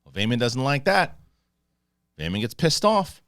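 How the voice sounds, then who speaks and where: A man giving a casual, profane spoiler review of a TV episode, acting out scenes in quick paraphrased quotes. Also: medium pitch, sing-song, fairly bright tone, dry recording, studio quality. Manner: rambling with restarts when moved. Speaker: film and TV reviewer.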